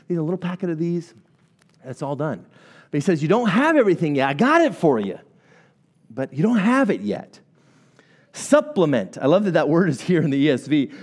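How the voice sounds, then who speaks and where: A middle-aged man gives a Sunday sermon in a fairly high, lively voice. He rambles into jokey asides and his pitch swings sharply up and down as he goes. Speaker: pastor.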